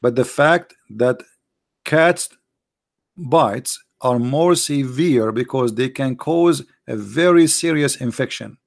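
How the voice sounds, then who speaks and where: Gravelly sarcastic man arguing. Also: mid-range voice, takes it slowly. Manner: sarcastic, argumentative, broken English grammar. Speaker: religious debater. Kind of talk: mocking commentary.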